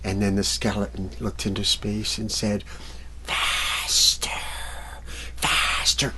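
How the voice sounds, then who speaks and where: A man telling a fairy tale to children at a library event, acting out the characters and sound effects with lively energy. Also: fairly low pitch, normal speed, a little hiss or hum. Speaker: musical storyteller. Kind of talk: storytelling for children.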